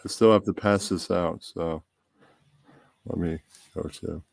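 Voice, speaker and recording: A man with a very deep, low voice, heard close and dry with no room sound. He is the host, chatting casually and rambling to himself as he gets a live show started. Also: unhurried, gravelly, dry recording. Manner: relaxed, rambling, talks to himself while setting up. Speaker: podcast host. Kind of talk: casual chat before a live stream.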